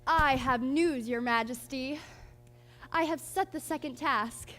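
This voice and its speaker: A woman's voice: high-pitched, a little slow, a bit bright. A woman playing a sly, lisping schemer in a stage musical. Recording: theater stage, long reverb.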